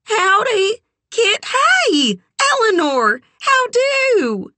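A woman voicing a brash, bubbly young woman who talks loud, high and gushing. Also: very animated, slow pace, no room sound, full character voice.

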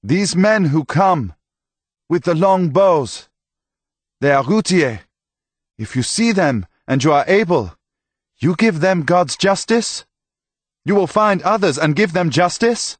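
A man voicing a stern, suspicious village priest who speaks slowly in halting phrases. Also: high-pitched, animated, no room sound, pitched above the performer's own voice, heavily acted. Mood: stern, questioning.

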